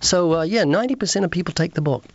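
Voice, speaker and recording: A man's voice: high-pitched, expressive, rapid-fire, dry recording, muffled recording. A man, an evangelist and author, telling stories of his street conversations and acting out the dialogue as he goes. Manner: earnest, retells street conversations with quoted dialogue, repeats words. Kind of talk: interview storytelling.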